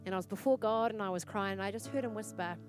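A woman's voice: medium pitch, fast, over music. A woman pastor with a New Zealand accent preaching a sermon in a church, earnest and exhorting, repeating her points for emphasis.

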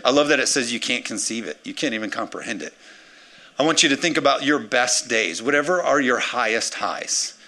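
A man, the pastor, preaching a lively sermon to his congregation, with playful acted asides. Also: mid-range voice, fairly quick.

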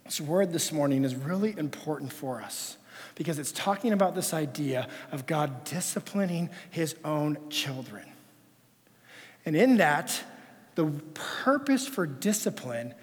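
A man preaching a sermon as pastor, telling stories in an animated way that swings between loud passages and hushed ones. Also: on the high side, a little slow. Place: church sanctuary. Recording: long reverb of a church hall.

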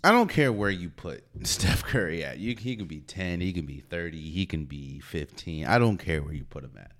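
A man's voice: low-pitched, moderate pace. A man hosting a solo sports podcast, talking casually and stopping to repeat words as he restarts. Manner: animated, repeats words when restarting, laughs often. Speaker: podcast host. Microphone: podcast mic.

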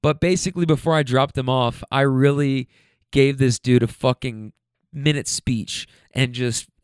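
A man's voice: medium pitch, fairly even intonation, a little slow, smooth, no room sound, clean studio sound. A man hosting a podcast, telling stories from his rides in a casual, profane, emphatic way that turns openly emotional. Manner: profane, emphatic, repeats himself; emotional, gets choked up. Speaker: podcast host and rideshare driver. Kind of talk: casual storytelling monologue.

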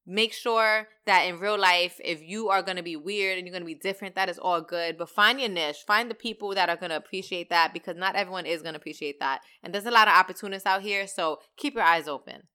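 Bright, fast-talking woman podcast host. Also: lowish voice, smooth. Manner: animated, slangy and profane, talks fast. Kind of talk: casual solo podcast rant.

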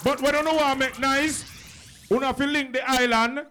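A high, bright Jamaican man shouting roll calls to a party crowd on a handheld mic. He calls out places and waits for the crowd to answer. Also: steady tone, moderate pace, a little hiss or hum. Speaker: sound system rep.

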